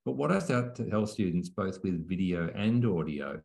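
A man who teaches journalism speaks with a lisp, answering interview questions in a relaxed way with many restarts. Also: low voice, normal speed, gravelly. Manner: relaxed, with frequent restarts and fillers. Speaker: journalism lecturer.

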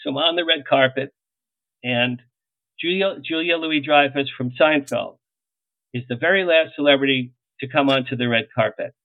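A middle-aged man, a publicist, telling lively anecdotes in an interview and acting out the lines he quotes. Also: mid-range voice, normal speed, no room sound. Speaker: publicist guest. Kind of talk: storytelling interview. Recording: tinny phone-like line, dry.

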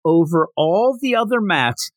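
Brief: animated male podcast host, somewhat high voice, dry close recording. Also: unhurried, dry recording. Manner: animated, acts out quotes. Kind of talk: casual comic recap.

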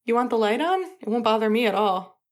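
A woman voicing an easygoing, affectionate young man in a casual, quick manner in an audiobook reading. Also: a little high, expressive, pitched above the performer's own voice, lightly acted.

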